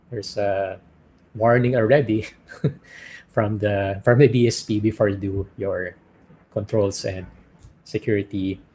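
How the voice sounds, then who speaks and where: A man's voice: medium pitch, a little mellow. A man with a Filipino accent presents at a startup conference, explaining step by step and often checking in with his listeners. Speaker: conference speaker. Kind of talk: business presentation.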